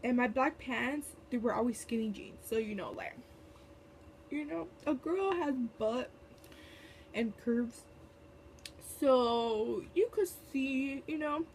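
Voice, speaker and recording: A woman's voice: sits high, animated, slow, pauses often, a little mellow, slight background noise. A young woman telling a storytime vlog in casual, chatty talk, full of fillers and sassy asides. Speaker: vlogger.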